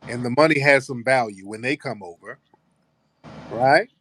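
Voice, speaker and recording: A man's voice: medium pitch, normal speed, a bit bright, slight background noise. A man hosting a heated live call-in show, talking bluntly and combatively, often profane. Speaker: host.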